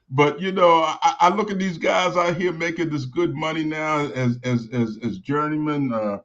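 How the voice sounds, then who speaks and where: A man from Baltimore, a consultant and lobbyist, talking as a guest on a talk show in a halting way, restarting his words. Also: a little high, fairly bright tone, lo-fi sound. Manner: halting, repeats words as he starts.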